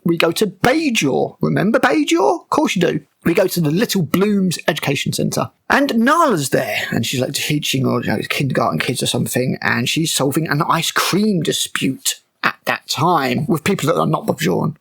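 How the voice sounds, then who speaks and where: A man's voice: fairly high pitch, big pitch swings, normal speed, vocal fry, few pauses, a bit bright, husky. A man recapping and tearing apart a TV episode with sarcastic, exasperated commentary and frequent swearing. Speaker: show reviewer.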